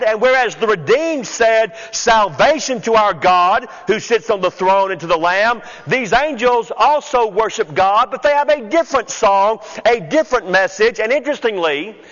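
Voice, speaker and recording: A man delivers a sermon at an unhurried, measured pace, his voice pitched fairly high for a man. He walks through his points deliberately, counting them off one by one. The sound is slightly muffled and carries a long reverb, like a large hall. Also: fairly bright tone. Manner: slow, deliberate expository preaching with counted points. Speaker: preacher.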